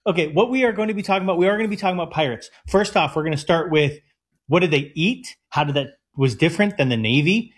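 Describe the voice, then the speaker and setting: A man's voice: a little high, lively intonation, fast talker, slightly rough. A young man co-hosting a radio talk show, playful and eager. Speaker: co-host, chef. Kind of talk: casual radio chat.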